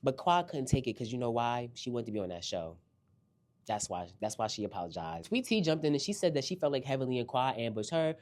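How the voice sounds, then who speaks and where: A man hosting a casual reality TV recap, animated and slangy, talking straight to his viewers. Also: mid-range voice, fast talker.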